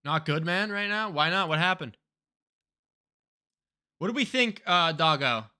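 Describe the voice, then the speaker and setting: A man's voice: fairly high pitch, animated, a little slow, pushed and bright, clear, resonant tone. A male streamer casually commenting on a game live, swearing and thinking aloud.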